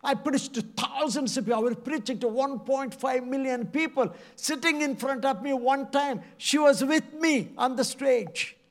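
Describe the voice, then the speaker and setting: A man's voice: very high-pitched, moderate pace, hardly any pauses. A middle-aged man from India, preaching a passionate, pleading sermon full of repeated phrases. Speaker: evangelist preacher.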